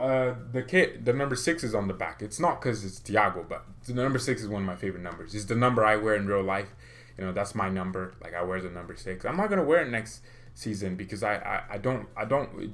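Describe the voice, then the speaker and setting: A young man hosting a fan channel, talking in a casual, excitable and rambling way with quick laughs. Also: on the low side. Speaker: football fan channel host. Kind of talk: casual opinion vlog.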